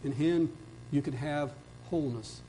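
A man's voice: on the high side, a little slow, a little hiss or hum, poor audio. Earnest male preacher telling a story. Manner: storytelling, rising to emphatic peaks then dropping soft. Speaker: pastor. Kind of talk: sermon.

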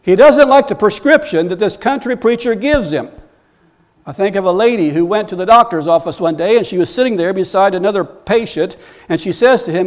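A high-pitched man preaching to his congregation. He tells stories and often climbs into loud, animated stretches of emphasis. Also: brisk. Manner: storytelling preacher, rising to loud animated bursts. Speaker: pastor. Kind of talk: sermon.

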